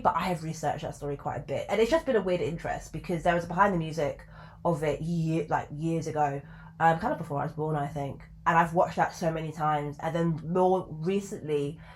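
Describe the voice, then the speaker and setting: A woman telling a story to camera in a casual, chatty way, full of fillers and asides, her pitch jumping up for emphasis. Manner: chatty and animated, with sudden jumps in pitch for emphasis. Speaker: video creator.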